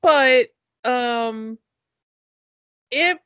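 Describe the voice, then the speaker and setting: A woman chatting casually and enthusiastically on a podcast, often halting with fillers and restarts. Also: on the high side, fairly bright tone, clear, resonant tone, dry recording. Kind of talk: casual chat. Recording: dull, lo-fi dry recording.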